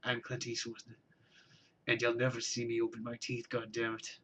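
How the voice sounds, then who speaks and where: A man doing a comic impression of a gruff older male film tough guy, speaking in a hushed half-whisper through clenched teeth. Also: medium pitch, completely flat delivery, moderate pace, a little hiss or hum, natural voice. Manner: talks through clenched teeth, barely opening mouth.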